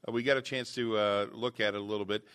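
Male radio host, bright forceful tone, casual banter. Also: on the low side, fairly even intonation, fast, smooth. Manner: bright, joking, loose delivery with fillers. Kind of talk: casual sports radio chat.

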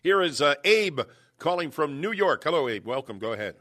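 A man's voice: on the high side, sing-song, fairly quick, a bit bright. Easygoing male sports radio host. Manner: easygoing, introduces callers.

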